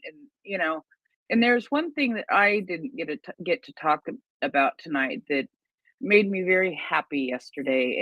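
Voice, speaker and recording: Over Twitter Space audio, an online chat host with a mid-range voice reads news updates eagerly before asking questions. The recording is dry, dull and lo-fi.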